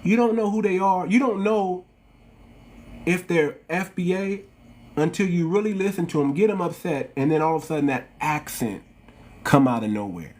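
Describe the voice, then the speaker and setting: A man with an African American English accent rants through a livestream monologue, his voice sitting a little high. He preaches and repeats himself, calling his viewers family. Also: normal speed, darkish tone. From United States. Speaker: channel host.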